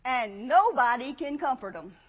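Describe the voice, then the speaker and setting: A woman's voice: sits high, lively intonation, moderate pace, slightly rough. A woman preaching a sermon in a conversational way, asking rhetorical questions and reading scripture. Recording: dull lo-fi sound, long hall reverb.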